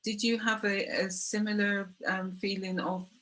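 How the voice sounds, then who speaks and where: A woman's voice: mid-range voice, level tone, a little slow, a bit bright, low-quality recording. A middle-aged woman hosting a conversational interview, asking questions with hesitant restarts. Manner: hesitant, with many fillers and restarts. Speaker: host.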